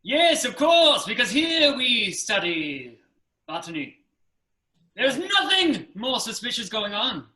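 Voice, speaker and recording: An improviser playing deadpan characters in a comedy scene over a video call. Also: mid-range voice, takes it slowly, roomy sound. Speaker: improv performer.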